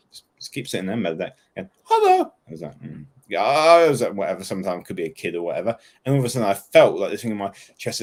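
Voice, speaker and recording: Brief: male host, fast rambling storyteller, lowish voice. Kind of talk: casual conversation.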